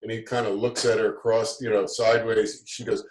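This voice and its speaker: A middle-aged man speaks at an ordinary pitch, upbeat and motivational, often restarting his sentences as he tells stories in a casual interview. His voice rings with a noticeable room echo. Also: lively intonation, moderate pace, hardly any pauses. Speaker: guest, business author. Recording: roomy echo.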